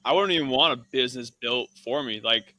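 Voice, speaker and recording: A man's voice: medium pitch, brisk, bright, forceful tone, no room sound, rough recording. A man on a video call chatting casually, laid-back and hesitant, full of fillers. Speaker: guest. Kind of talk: casual chat.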